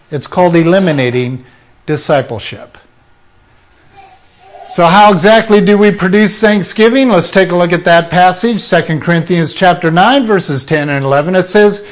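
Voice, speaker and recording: A man delivering a sermon in a high voice, taking his time with each phrase. He presses his points with rhetorical questions and then drops into quieter asides. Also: expressive, a little slow. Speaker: preacher.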